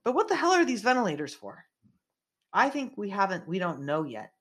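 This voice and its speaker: A woman's voice: mid-range voice, wildly swooping pitch, brisk, husky. Brief: woman host, rambling conspiratorial commentary, lots of fillers, small room. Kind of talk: casual political commentary.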